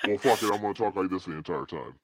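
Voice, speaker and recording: A man talking through a voice changer set to a deep voice, baffled and joking about his own tech trouble. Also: racing, no room sound. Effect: voice changer set to a deep male voice. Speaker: podcast host.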